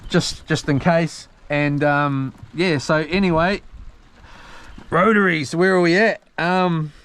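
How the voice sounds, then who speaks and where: Rambling New guy, smooth voice. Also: on the high side, steady tone, slow pace, a bit bright. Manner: meandering storyteller with many ums and restarts, slangy. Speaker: live streamer and mechanic. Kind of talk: rambling casual live-stream chat. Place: on a boat at sea.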